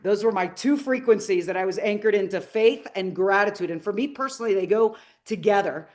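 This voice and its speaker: A middle-aged woman speaks to a live audience with earnest, inspirational warmth. She tells a personal story and stops to ask the listeners questions. Her voice sits at an ordinary middle pitch for a woman. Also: a little fast. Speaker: motivational speaker. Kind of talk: live masterclass talk to an audience.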